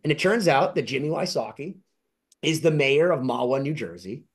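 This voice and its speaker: A man telling excited, rambling anecdotes as an interview guest and collector, acting out other people's lines in high voices. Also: moderate pace, breathy edge. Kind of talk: casual storytelling.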